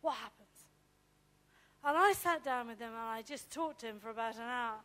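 Woman, high voice, sermon, lively storytelling, talks straight to the congregation. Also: fairly quick. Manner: lively anecdotal storytelling, addresses the congregation directly. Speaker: pastor's wife preaching. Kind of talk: sermon with personal stories.

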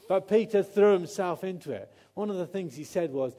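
A man's voice: high-pitched, moderate pace, hardly any pauses, warm tone. A man preaching a conversational sermon, often acting out quotes and restarting his sentences.

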